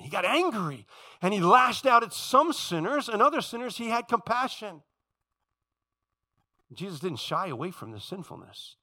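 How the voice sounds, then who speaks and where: A man's voice: sits high, moderate pace. A man preaching a sermon who tells the stories vividly and acts out the voices of the people in them. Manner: animated storytelling, acts out quoted voices.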